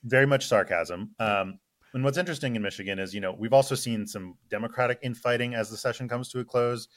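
A man's voice: mid-range voice, quick pace, no room sound. A man talking politics as a guest correspondent, speaking loosely with lots of fillers and a dry, sarcastic edge. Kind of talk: casual political chat.

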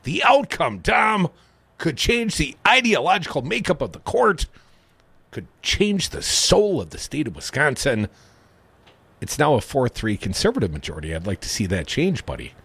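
A man's voice: fairly high pitch, normal speed, creaky, slightly rough, no room sound. A man hosting a talk radio show, reading news items and adding sardonic asides. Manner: sardonic, animated.

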